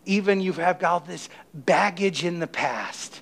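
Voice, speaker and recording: A middle-aged man preaching a sermon as pastor of his church, emphatic and energetic, calling on the congregation to respond. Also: sits high, a little slow, creaky. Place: church sanctuary.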